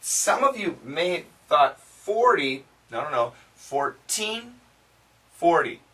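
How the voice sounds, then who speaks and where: An American man teaching English pronunciation, patiently repeating words slowly so learners can drill them. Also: a little high, very animated, pushed and bright, distant mic. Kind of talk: pronunciation lesson.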